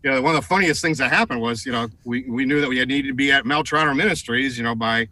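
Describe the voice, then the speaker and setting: A man's voice: mid-range voice, fast talker. A middle-aged American man, a guest on a TV talk show, telling a story animatedly and putting on voices for the people he quotes. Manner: animated, raises voice for quoted lines. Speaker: guest, advertising executive. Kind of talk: storytelling in a TV interview.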